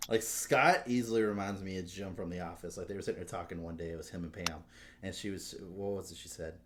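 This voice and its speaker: A man's voice: sits low, fairly even intonation, fast talker, a bit bright, slight background noise. Profane joking man on a podcast. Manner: laughing, profane, acts out quotes. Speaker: podcast co-host. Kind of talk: casual comedic chat.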